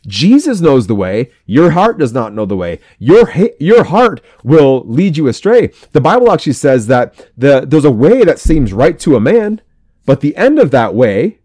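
A man's voice: a little high, very animated, unhurried, warm tone, no room sound. A man hosting a podcast, preaching to men in a fiery, emphatic way and repeating his phrases for force. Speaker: podcast host.

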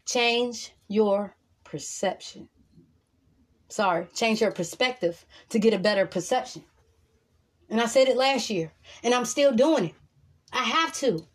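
Woman vlogger, husky voice, emphatic and profane, sermon-like repetition. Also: medium pitch. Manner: repeats lines for emphasis. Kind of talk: motivational monologue to camera.

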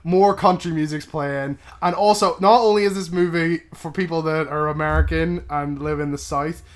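Speaking at normal speed with a fairly high, fairly evenly intoned voice, a man co-hosts a podcast. He chats casually and profanely while recapping a film, tagging his lines with "right?".

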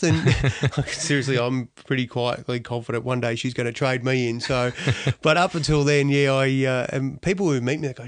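A middle-aged Australian man speaks candidly as an interview guest. His voice sits at a medium pitch, and his talk is blunt and slangy, with frequent asides. The sound is close and dry. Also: fairly even intonation, brisk, no echo. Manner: blunt, slangy, down-to-earth, frequent "you know". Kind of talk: candid personal storytelling.

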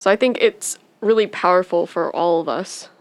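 A woman leading a group talk, supportive and quick with short affirmations. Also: on the low side, no echo. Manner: supportive, gives brief affirmations.

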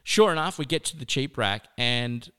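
An Australian man telling a personal story in a chatty, animated way, with lots of "like" fillers. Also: mid-range voice, normal speed, clear, resonant tone.

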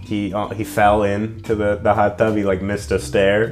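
A man's voice: lowish voice, completely flat delivery, normal speed, a little mellow, soft background music. A young man telling a long, rambling story in casual chat, full of fillers and acted-out quotes. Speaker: storyteller guest.

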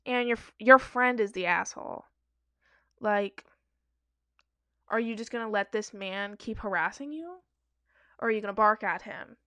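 A woman's voice: on the high side, fairly bright tone, no room sound. A woman giving casual, blunt reaction commentary on advice-forum stories, emphatic and profane.

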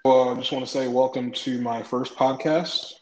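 A man's voice: mid-range voice, fairly even intonation, moderate pace. A man hosting his first casual podcast, talking in a laid-back, rambling way with lots of fillers. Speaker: podcast host. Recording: dull, roomy home recording with faint hiss.

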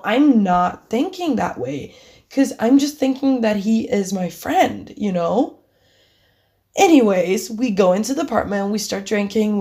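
Slow-talking young woman telling a story. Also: medium pitch, a little mellow. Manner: chatty, laughing often, acting out both sides of a conversation. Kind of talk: casual storytime.

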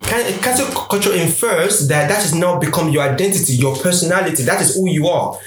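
A man with an African accent, earnestly discussing Christian faith and quoting scripture, with frequent halting restarts. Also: a little high, slight background noise. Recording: echoey room.

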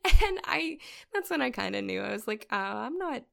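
A woman's voice: mid-range voice, animated, normal speed, creaky, pushed and bright. A woman co-hosting a podcast in casual chat, chatty and often laughing as she tells stories. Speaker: podcast co-host.

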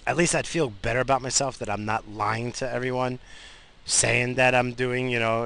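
A man's voice: medium pitch, fairly even intonation, moderate pace, a bit bright, smooth. A tired man hosting his own show, talking in a casual, rambling way with many restarts and fillers while driving. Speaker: podcast host. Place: in a car, driving.

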